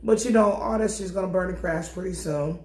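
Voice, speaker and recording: Young woman, casual TV recap, animated, slangy, profane, echoey room. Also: fairly low pitch, brisk. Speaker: TV recap vlogger.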